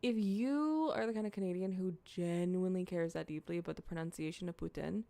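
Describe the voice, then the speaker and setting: A woman's voice: on the low side, fairly quick, vocal fry, dark tone, no room sound. A young woman streaming, chatting casually to her viewers while eating, rambling and swearing freely. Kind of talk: casual livestream chat, eating on camera.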